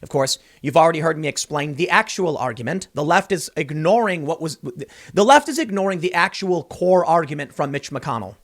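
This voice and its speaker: A man's voice: fairly high pitch, lively intonation, fairly quick. A man hosting a political commentary show, reading news excerpts aloud and breaking in with casual remarks like "dude" and "man".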